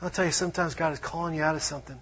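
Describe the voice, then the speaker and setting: A man preaching a lively sermon, acting out little quotes as he goes. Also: a little high, rapid-fire, husky. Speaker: pastor. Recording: dull lo-fi sound.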